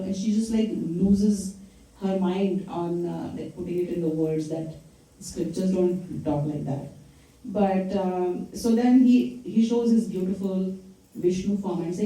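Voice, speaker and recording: A woman's voice: fairly low pitch, fairly even intonation, measured pace, warm tone. A woman giving a temple lecture, retelling scripture stories in a conversational way and quizzing her listeners. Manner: conversational storytelling, quizzes the audience. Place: temple hall. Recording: echoey hall, mic from far off.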